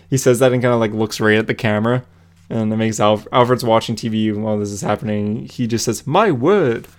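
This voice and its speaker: A man's voice: on the low side, flat delivery, a little fast, clean tone. A man talks through a comic book plot in loose, casual chat. He fills his speech with "uh" and "like" and keeps going as he recaps. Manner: rambling, many fillers, laughs while retelling. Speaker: podcast co-host.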